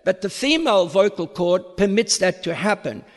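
High-pitched aussie guy with a bit of american in it, priest giving a talk, slow, long echo of a hall. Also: very animated. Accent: Australian with a slight American tinge. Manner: unhurried, repeats words while searching for the next. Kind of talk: public lecture.

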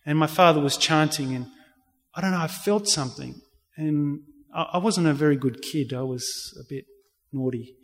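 In a reverberant hall-like recording, an Australian man speaks at a moderate pace with a voice on the high side. As an interview guest, he earnestly relates his personal faith story, frequently restarting.

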